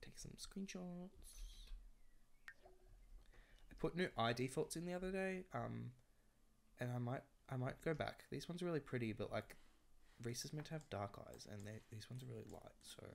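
Female let's-player, chatty and wry, gravelly edge, faint hiss behind. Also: very deep voice, expressive, moderate pace, long pauses. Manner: chatty, wry, talks to the game characters. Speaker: gameplay commentator. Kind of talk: casual let's-play commentary.

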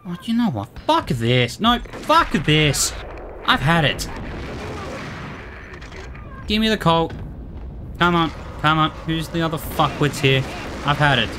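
A woman's voice: deep voice, measured pace, long pauses, background noise. A woman giving let's play commentary, ranting and swearing at enemies in exasperation. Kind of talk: gameplay commentary.

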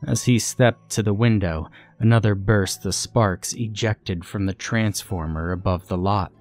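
A man reading a horror story aloud in a measured storytelling manner, as the channel's narrator. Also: lowish voice, steady tone, darkish tone. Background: faint background music.

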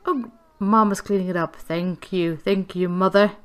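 A woman's voice: medium pitch, fairly even intonation, measured pace, smooth. A woman giving casual gameplay commentary, chatty and giggly, cooing affectionately at the characters on screen. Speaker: gameplay video creator.

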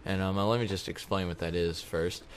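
A man's voice: low-pitched, fairly even intonation, a little fast, smooth. A young man hosting a casual gaming video, rambling with lots of ums and uhs and laughing easily. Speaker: gaming YouTuber host.

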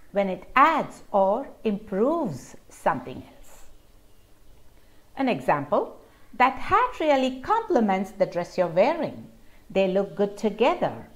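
A woman gives an English vocabulary lesson in an unhurried, deliberate way. Her pitch rises and falls a great deal as she leans on syllables to show pronunciation. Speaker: English teacher.

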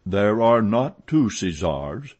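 Man as a blunt, dry-spoken head groom; slow and measured, a bit husky. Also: mid-range voice, muffled recording, pitched above the performer's own voice. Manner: flat, dry, measured delivery.

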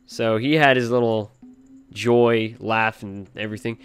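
A man's voice: lowish voice, fairly even intonation, a little slow, smooth, soft background music. A man giving casual, rambling and profane commentary on a video game from his home, joking as he plays. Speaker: gaming channel host. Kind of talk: casual let's play commentary.

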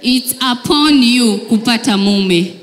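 A woman doing stand-up comedy in an animated, teasing way, mixing in English phrases. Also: on the high side, slow, big-room sound, slight background noise.

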